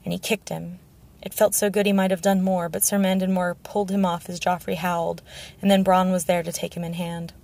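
A woman reading a fantasy audiobook in a steady, measured narration with a gravelly voice. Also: fairly low pitch. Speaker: audiobook reader.

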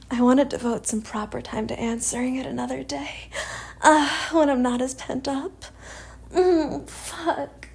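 A young woman speaks in an intimate adult audio monologue, her voice high and very husky, full of breath. She takes her time, drawing the words out with sighs, and often drops into a near-whisper close to the microphone. A gravelly fry runs through the lower ends of her phrases. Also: flat delivery, a little slow, darkish tone. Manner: breathy, sighing, drifting between voice and whisper.

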